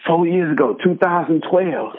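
His voice fairly high and his pace normal, a husky Texan man in his thirties shares his life story by phone over a tinny line. He tells it emphatically as an animated testimony, hooking listeners with repeated "right?" and "check this out" asides.

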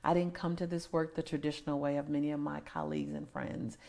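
A woman's voice: sits low, big pitch swings, fast, vocal fry, mellow. A woman in her forties, a motivational speaker telling a personal story as an interview guest, earnest and emotional, sometimes dropping to a near-whisper.

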